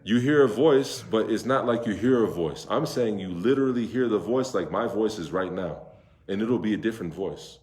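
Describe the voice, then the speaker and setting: Echoey low-voiced man teaching recitation. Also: animated, darkish tone. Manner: explains slowly, drawing out Arabic words and asking the class questions. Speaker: imam teaching Quran recitation. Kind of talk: interactive class lesson. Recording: echoey room.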